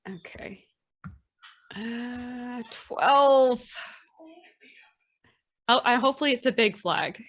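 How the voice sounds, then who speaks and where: A woman's voice: on the high side, slow, long pauses, fairly bright tone. A woman playing in a tabletop role-playing game, hesitant and giggly. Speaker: player.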